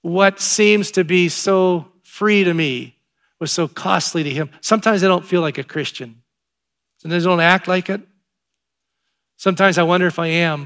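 A man preaching as a pastor, telling a story in a conversational way that rises to excited emphasis. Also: on the high side. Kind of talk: sermon.

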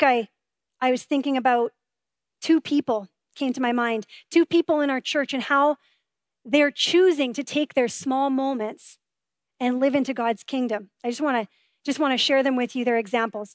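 A woman preaching a sermon with a high, clear voice, earnest and conversational, often turning to rhetorical questions. The sound is close and dry, with no room around it. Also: normal speed, no echo. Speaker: pastor.

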